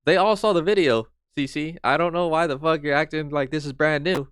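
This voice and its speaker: A man's voice: fairly high pitch, fairly quick, fairly bright tone, clear, resonant tone, no echo, clean studio sound. A man streaming a reaction to a video, ranting in exasperation and swearing freely.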